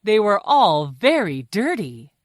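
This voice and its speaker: A woman narrating a children's storybook in a slow, sing-song way. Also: medium pitch, very animated, very noisy. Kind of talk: scripted children's story reading.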